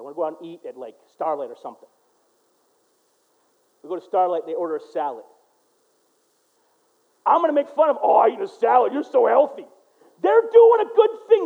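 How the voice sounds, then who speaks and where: An American man preaching a sermon as pastor, earnest, moving from loud urgent stretches to quiet low ones, mimicking people in asides. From United States. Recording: dull lo-fi recording.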